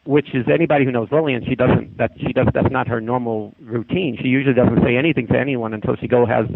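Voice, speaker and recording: Over a tinny, narrow phone line, a man with a husky, gravelly voice of medium pitch tells a long haunting story as a guest, speaking fast in a steady tone. He rambles casually and frequently restarts mid-sentence, and the recording is dry with no surrounding room.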